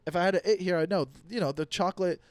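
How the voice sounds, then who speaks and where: A young man hosting a comedy podcast, ranting profanely about dating apps and acting out quick quoted voices. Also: sits high, dry recording. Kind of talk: solo comedic podcast rant.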